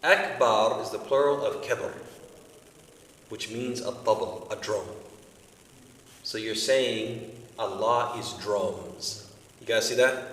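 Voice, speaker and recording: In a big community center hall, a man teaching religious studies runs an evening study circle, patiently explaining things and often posing rhetorical questions to his audience. His voice sits on the low side and is a bit bright, heard from a distance amid echo and slight hiss or hum.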